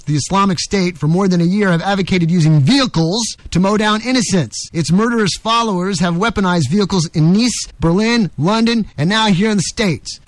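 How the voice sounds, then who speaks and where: A man hosting a talk radio show, delivering a forceful, preachy opinion monologue and often calling out to his listeners. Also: sits high, no room sound. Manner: forceful, preachy, repeats "ladies and gentlemen". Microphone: studio microphone.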